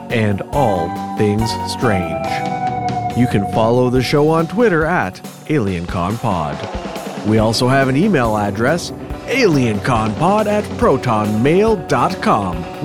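A man co-hosting a podcast, reading the show's announcements and then chatting loosely with his partner. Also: mid-range voice. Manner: reads show announcements, then chats loosely. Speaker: podcast co-host. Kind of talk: casual podcast chat.

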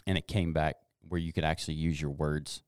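A man's voice: rumbling low, flat delivery, brisk, smooth, dry recording, clean studio sound. A man hosting a casual conversation, asking questions and affirming his guest with encouraging responses. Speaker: podcast host.

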